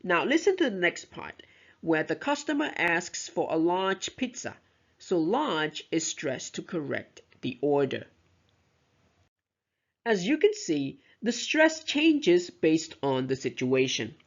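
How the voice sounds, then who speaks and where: In a dull, lo-fi recording, a pronunciation teacher explains things one step at a time and demonstrates sample sentences out loud. The voice sits in the middle range, with a sing-song lilt and a slow pace.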